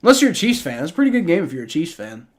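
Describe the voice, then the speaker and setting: A fed-up male streamer ranting through a live game reaction, swearing freely and tripping over his own restarts. His voice sits a little high and swings wildly up and down as he vents. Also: big pitch swings, rapid-fire. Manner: exasperated ranting, heavy profanity; frequent stammering restarts.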